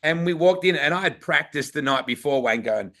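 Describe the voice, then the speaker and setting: Bright-voiced Australian man telling stories. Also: medium pitch, expressive, moderate pace, vocal fry. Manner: eager storytelling. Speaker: podcast host. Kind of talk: casual podcast chat.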